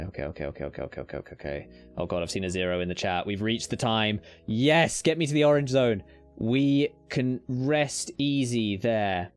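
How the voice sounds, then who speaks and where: A British man giving live commentary on a game as he plays, his voice sitting on the low side. He swings between loud cheering and whispered muttering, swearing casually and talking to himself. Faint music plays underneath. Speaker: streamer.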